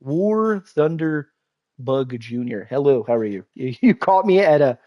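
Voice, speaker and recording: A man's voice: medium pitch, sing-song, unhurried, lo-fi sound. A young man live-streaming a game and ranting in a heated, profane, rambling way, with many restarts. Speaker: gaming livestreamer. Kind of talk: ranting live-stream commentary while gaming. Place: at home at a game console.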